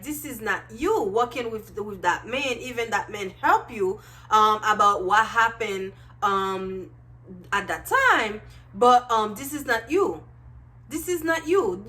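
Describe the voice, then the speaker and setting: Bubbly young woman gushing about a movie. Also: fairly high pitch. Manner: gushing, animated, many fillers and exclamations. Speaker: vlogger reviewing a movie. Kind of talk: excited casual movie review.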